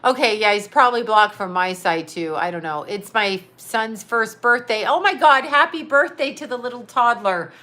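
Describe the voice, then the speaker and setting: A middle-aged woman who works as a psychic medium and astrologer chats on a casual livestream, wandering through a story full of laughter and cursing while reading out viewer comments. She sounds animated and bright, a little high and forceful. She talks at normal speed with few pauses.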